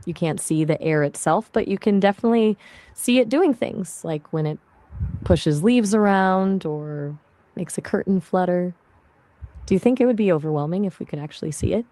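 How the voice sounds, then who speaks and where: A woman's voice: on the low side, moderate pace, mellow, dry recording. A woman's voice as an AI voice assistant, chatting casually and friendly, answering questions and asking questions back.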